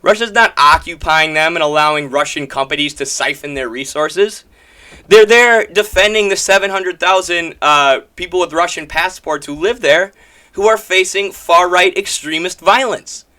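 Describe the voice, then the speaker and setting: A man's voice: high voice, moderate pace, pushed and bright. A man from the American Midwest giving emphatic, combative political commentary, hammering his points through repetition.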